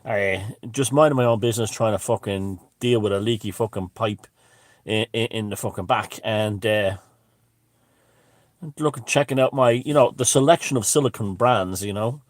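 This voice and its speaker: A man's voice: fairly low pitch, dry recording, studio quality. A man telling a story in a rambling, heavily profane monologue full of restarts. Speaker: vlogger.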